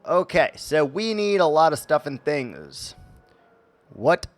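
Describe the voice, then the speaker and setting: A man's voice: fairly high pitch, expressive, measured pace, no room sound, soft background music. Laid-back guy streaming a game, goofy and rambly, takes his time talking. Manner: playful, rambling, jokey. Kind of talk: live game stream commentary.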